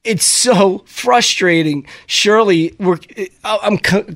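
A man's voice: sits high, slow, fairly bright tone, no room sound, clean studio sound. A middle-aged man hosting a radio show, talking in a raw, upset and heartfelt way. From United States. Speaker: radio host. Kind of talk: emotional on-air talk. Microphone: studio microphone.

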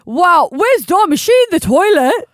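A woman voicing a jolly male Santa Claus with loud booming ho-ho-hos, in a podcast studio. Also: very animated, a little slow, no echo, exaggerated voice.

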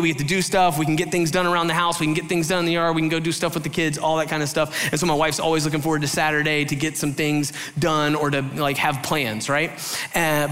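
Male pastor, bright and fairly high voice, preaching a candid personal story in a sermon. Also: long reverb tail. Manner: candid storytelling with acted quotes; loose, filler-heavy talk.

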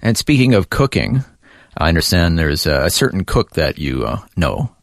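A man's voice: deep voice, big pitch swings, normal speed, gravelly, no room sound. A man hosting a radio interview in a studio, amused and laughing along. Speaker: radio host.

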